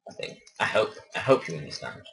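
A man's voice: fast talker, a little hiss or hum. A man giving rambling, self-conscious commentary while playing a game, often losing his train of thought. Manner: rambling, mumbling, unsure of himself. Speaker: let's play host.

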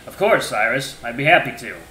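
A man voicing a kind clawed male creature companion in a game, soft and reassuring. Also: mid-range voice, expressive, fairly quick, slight background noise. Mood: caring. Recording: roomy echo.

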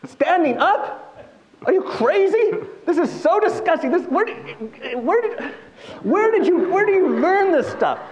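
A man's voice: very high voice, very animated, measured pace, dull audio, voice pushed up, exaggerated voice. A man doing an outraged scolding rabbi. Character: scandalized old male rabbi.

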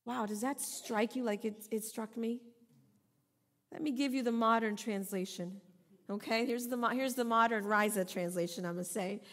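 Bright, high-voiced woman preaching. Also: moderate pace. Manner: emphatic and repetitive, with playful asides. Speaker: pastor. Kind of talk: sermon.

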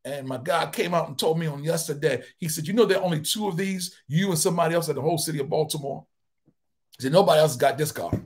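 Older man, bishop, fervent sermon, raspy gravelly tone, swings from soft storytelling to loud cries. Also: on the high side, fast. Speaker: bishop and preacher. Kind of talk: livestreamed sermon.

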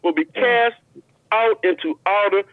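A man on a call-in radio show, explaining and reading scripture slowly with emphasis, stumbling into frequent restarts. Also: high-pitched, dry recording. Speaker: guest Bible teacher. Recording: phone line audio.

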